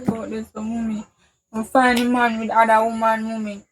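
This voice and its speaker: Brief: actress as jilted young Jamaican woman, fairly high voice, downcast. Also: flat delivery, brisk, lightly acted. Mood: upset. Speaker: actor in a film. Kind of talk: patois film dialogue.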